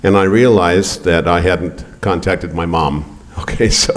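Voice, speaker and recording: An older man with a very low voice tells a rambling, profane story at a poetry reading. He halts often with fillers as he goes, speaking in an art gallery. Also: unhurried, noisy background. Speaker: poet.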